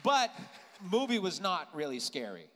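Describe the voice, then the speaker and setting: Animated male guest telling a story. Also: sits high, moderate pace. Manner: animated storyteller, breaks into song. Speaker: podcast guest, singer. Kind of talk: live comedic storytelling. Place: stage before a live audience. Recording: hall reverb with clear background noise.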